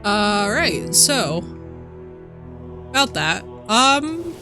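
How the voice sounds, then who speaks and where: A woman's voice: a little high, very animated, drawn-out words. A young woman streaming a game, chatting casually and trash-talking with a playful, brash manner. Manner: brash, playful trash talk with frequent laughs. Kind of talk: casual gaming stream chat. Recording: game music playing behind.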